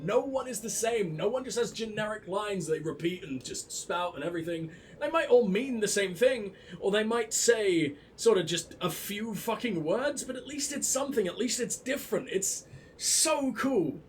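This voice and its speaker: A man's voice: high-pitched, animated, normal speed, a little hiss or hum. A young man giving sarcastic, profane commentary while playing a game, mocking the characters. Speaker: let's play gamer.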